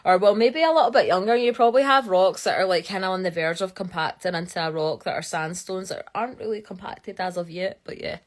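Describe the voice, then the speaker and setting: A woman's voice: on the low side, a little fast, hardly any pauses. A young Scottish woman, a geologist, chatting casually on a live stream, answering viewer questions in a rambling way with lots of fillers. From Scotland. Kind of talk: casual live-stream chat reading comments.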